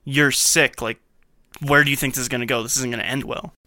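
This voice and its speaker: Podcast co-host, casual chat, quick talker, dry close sound. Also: medium pitch, steady tone, pushed and bright, dry recording.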